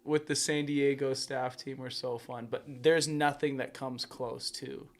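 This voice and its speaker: A man's voice: medium pitch, steady tone, a little slow. A man co-hosting a casual podcast, easygoing, often calling his friend "bro". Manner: easygoing, reacts a lot, says "bro". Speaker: podcast co-host.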